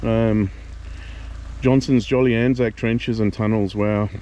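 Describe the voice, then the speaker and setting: Easygoing Australian man, mellow voice. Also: on the low side, slow pace, lo-fi sound, slight background noise. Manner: relaxed, conversational, keeps saying "mate". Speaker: travel vlogger. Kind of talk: casual walking tour commentary. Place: outdoors on a hillside in the rain. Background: rain.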